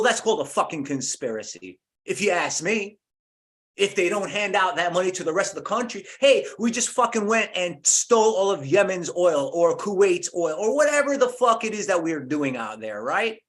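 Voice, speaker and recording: A man's voice: high-pitched, a bit bright. A man hosting a podcast, delivering a heated, profane, rambling solo rant. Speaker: podcast host.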